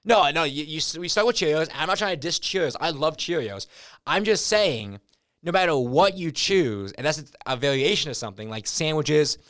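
A young man co-hosting a podcast, telling rambling, absurd stories in a casual, deadpan way. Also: a little high, normal speed, no echo, studio quality. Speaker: podcast co-host. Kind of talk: casual chat.

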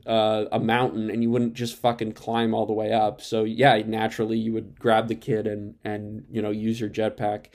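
A man giving a casual, excitable episode recap, swearing freely and rambling with frequent restarts. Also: medium pitch. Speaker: show reviewer.

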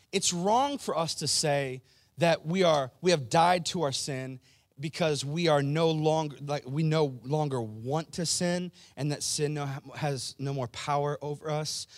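A man preaching a sermon, talking casually with his congregation and asking them questions, then building to loud, emphatic outbursts. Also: a little high, dry recording, studio quality. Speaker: pastor. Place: church.

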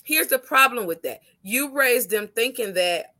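A woman's voice: on the high side, expressive, measured pace, sharp tone. Blunt, profane woman co-host. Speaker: podcast co-host. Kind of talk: casual opinionated chat.

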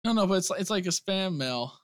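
A man's voice: high voice, lively intonation, a little fast, no room sound. A young man co-hosting a casual podcast, his voice swinging up and down with laughter as he reads out emails. The sound is close and dry, with no room around it. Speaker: podcast co-host.

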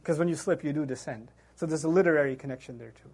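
A man's voice: quick pace, darkish tone, breathy edge. A man giving a Quran lecture as an Islamic teacher, telling the story with rhetorical questions and acting out quoted voices. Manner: acts out quoted voices with big pitch jumps.

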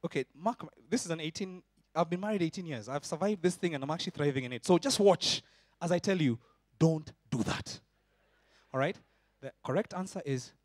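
A man, preaching a sermon and swinging between loud shouts and soft, close tones. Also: fairly high pitch, fairly quick, dry recording. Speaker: pastor.

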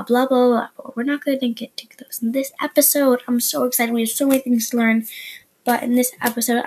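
A woman with a breathy, husky voice teaches beginner Spanish on her podcast. She talks casually and explains things plainly. She often drops into soft, murmured asides. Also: fairly high pitch, poor audio. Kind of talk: casual beginner language lesson.

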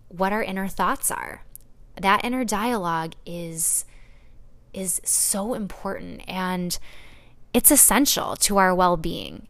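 A woman hosting a solo podcast, talking in a gentle, earnest way with soft laughs and restarts. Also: lowish voice, clear, resonant tone, dry recording. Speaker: podcast host. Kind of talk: casual solo podcast talk.

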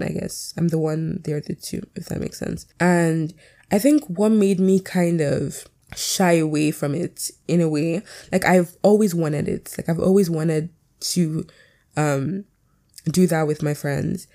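A woman's voice: sits low, warm tone. A young woman hosting her own podcast, chatting casually and rambling with lots of fillers; her voice cracks and can sound close to tears. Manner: rambling, frequent "like" and "you know" fillers. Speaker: podcast host. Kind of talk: casual solo podcast chat. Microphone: poor quality home mic.

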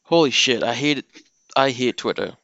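A man co-hosting a podcast, talking quietly and muttering to himself. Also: mid-range voice, normal speed, no room sound, lo-fi sound. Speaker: podcast co-host. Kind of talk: casual chat.

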